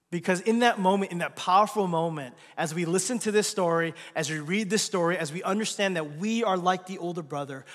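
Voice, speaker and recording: A man with a fairly high voice preaches a sermon. He moves between loud, insistent emphasis and quiet, almost whispered asides. His voice rings out with a long reverb, as in a large church hall. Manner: swings from loud emphatic lines to hushed, near-whispered asides. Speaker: pastor.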